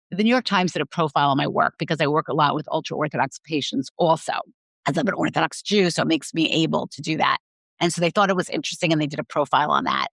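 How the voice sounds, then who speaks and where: A woman's voice: deep voice, fairly bright tone, no room sound. A woman sex therapist speaking frankly as a guest on an interview podcast, telling personal stories in a candid, open way.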